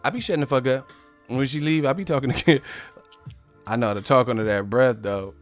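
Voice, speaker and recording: A man with an American accent chatting on a live stream, with a middle-pitched, everyday voice. He tells funny stories loosely and profanely, laughs through them, and drops into small impressions. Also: fairly quick, soft background music. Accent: US English. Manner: profane, joking storyteller who laughs a lot. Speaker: boxing live-stream host. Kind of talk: casual live-stream chat.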